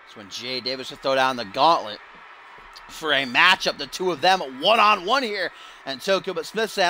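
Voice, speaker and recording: Lively bright-voiced man calling wrestling. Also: fairly high pitch, moderate pace, slight background noise. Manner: profane, joking, sportscaster-style. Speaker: wrestling game commentator. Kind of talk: casual play-by-play commentary.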